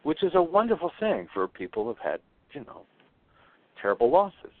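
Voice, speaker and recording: A man guesting on an interview show, telling stories with lively delivery and acting out the dialogue he quotes. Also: fairly high pitch, moderate pace, no room sound. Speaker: author guest. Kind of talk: animated storytelling on an interview show. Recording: tinny phone line, dry.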